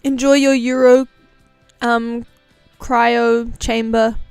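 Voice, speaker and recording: A young woman livestreamer chatting casually, playful and giggly, often trailing off into quiet mumbled asides. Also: a little high, little pitch movement, slow pace, clean tone, dry recording, faint music behind. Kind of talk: casual stream chat.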